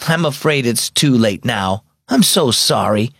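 Male narrator doing a soft-spoken, kind mother for a kids' story; lightly lifted, tuneful voice. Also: mid-range voice, lively intonation, a little slow, gravelly, no room sound, clean studio sound, full character voice. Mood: gentle. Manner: soft, apologetic. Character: gentle, caring mother.

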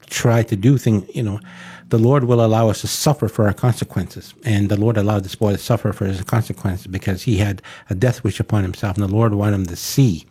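Male preacher, mellow and low, earnest, halting delivery. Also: husky. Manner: earnest, halting with frequent fillers. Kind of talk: devotional sermon.

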